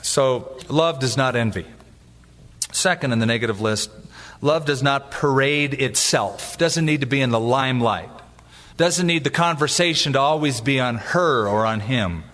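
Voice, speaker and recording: A man preaching a sermon as a pastor, animated and joking, acting out little asides. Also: mid-range voice, normal speed, long reverb tail.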